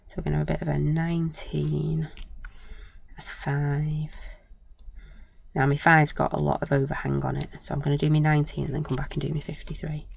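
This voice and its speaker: A woman's voice: low-pitched, flat delivery, brisk, vocal fry, husky. A woman demonstrating a stamp set live, chatting as she works and asking her viewers questions as she goes. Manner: chatty, thinks aloud, many tag questions. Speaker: craft demonstrator. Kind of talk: live crafting demo chat. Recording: dull lo-fi stream audio.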